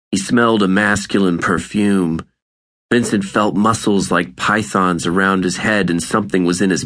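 A man narrating an audiobook in a measured, deliberate reading. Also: low-pitched, a bit bright. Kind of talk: scripted narration.

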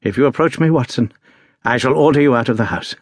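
A male narrator voices a dying detective in a storybook recording. His voice croaks and falters, husky and breathy. Still he snaps out orders with imperious sharpness. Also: medium pitch, fast talker, dry recording, clean studio sound. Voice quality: croaking, feeble.

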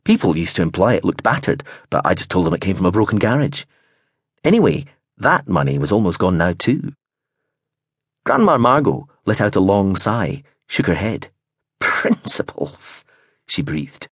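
A man narrating a novel in the first person, an expressive storyteller with a husky tone. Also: low voice, normal speed, no room sound, studio quality. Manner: expressive storytelling with voiced character turns. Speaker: audiobook narrator.

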